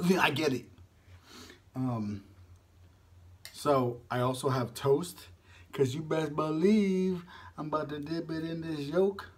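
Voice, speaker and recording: Husky young man chatting while eating. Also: on the high side, slow, long pauses. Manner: rambling, drops into mumbles and soft asides while eating. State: out of breath. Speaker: mukbang vlogger. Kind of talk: casual chat while eating on camera.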